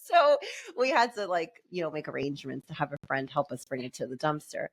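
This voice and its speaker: A woman with a somewhat low, warm speaking voice, talking as a podcast guest. She rambles happily with plenty of "like" and self-corrections, and breaks into laughs as she goes. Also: sing-song, brisk. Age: adult with a son and fiance. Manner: chatty, lots of "like" and restarts, laughs easily. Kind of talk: casual conversational interview.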